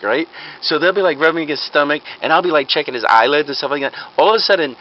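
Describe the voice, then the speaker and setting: A man rambling through a comic prank idea, acting out the bystanders in high, shouty voices. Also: fast, dull audio. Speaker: vlogger.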